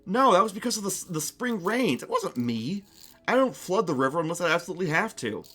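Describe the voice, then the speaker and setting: A man's voice: high voice, sing-song, fast talker, sharp tone, soft background music, full character voice. A man doing a fussy, defensive river sprite.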